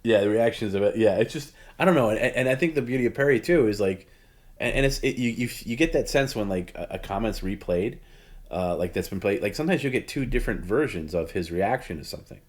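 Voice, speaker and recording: A man's voice: lowish voice, lively intonation, fast. A man hosting a casual livestream chat, rambling with lots of "like" and "you know" and laughing often. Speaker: host.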